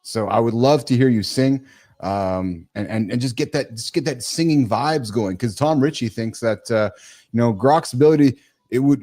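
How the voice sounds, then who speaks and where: A man's voice: medium pitch, warm tone. Blunt, teasing male show host. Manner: teasing, blunt, repeats words. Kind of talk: casual live show chat.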